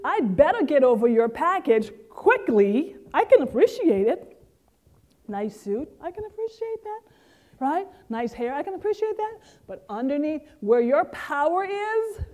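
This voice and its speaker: A middle-aged woman from the Caribbean giving a motivational keynote speech, lively and interactive, talking straight to the audience. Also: sits high. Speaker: keynote speaker.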